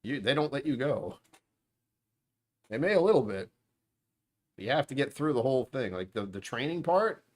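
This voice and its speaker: A man's voice: mid-range voice, sing-song, normal speed, long pauses, darkish tone. A man hosting a casual livestream from home, rambling and sarcastic with self-deprecating asides. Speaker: livestream host. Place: at home, dishwasher running nearby.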